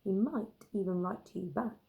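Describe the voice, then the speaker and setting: A woman's voice: mid-range voice, normal speed, vocal fry, highs cut off, close to an everyday voice. A woman voicing a friendly female museum curator in a children's story.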